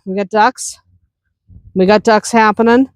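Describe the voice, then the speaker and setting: A woman's voice: mid-range voice, fairly even intonation, measured pace, no room sound. A woman chatting through a casual farm vlog, outdoors on a windy farm, often laughing and talking to her animals. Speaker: homestead vlogger.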